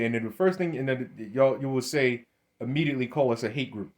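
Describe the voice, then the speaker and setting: A man's voice: medium pitch, a little fast. A man giving blunt, confrontational commentary to camera. He often repeats himself, restarts his sentences and keeps calling his listeners "man". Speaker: religious commentator.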